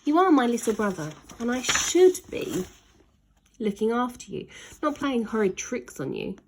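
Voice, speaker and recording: A woman's voice: fairly high pitch, very animated, moderate pace, noisy background, voice pushed up. A woman voicing a remorseful, caring older sister in a storybook reading, speaking in an earnest, apologetic way.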